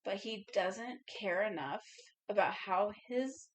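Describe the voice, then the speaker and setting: Woman podcast co-host, casual and chatty, mid-pitched voice, quick back-and-forth. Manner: chatty, swears freely, finishes co-host's sentences. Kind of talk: casual movie discussion.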